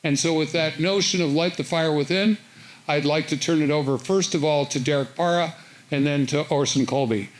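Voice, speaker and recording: Guy mc introducing the next speakers, upbeat, kinda high voice. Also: moderate pace, rough recording. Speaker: event host introducing speakers. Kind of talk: formal introduction.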